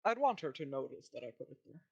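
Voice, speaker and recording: Lively, expressive tabletop player. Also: mid-range voice, fast, gravelly, husky, muffled recording. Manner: lively, casual, swears freely. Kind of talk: casual chat in a tabletop game.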